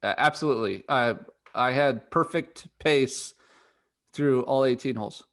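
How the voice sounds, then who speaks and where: A man's voice: mid-range voice, a little slow, a bit bright. A man co-hosting a golf podcast in casual chat, talking in a chatty way, often repeating himself and laughing. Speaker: podcast co-host.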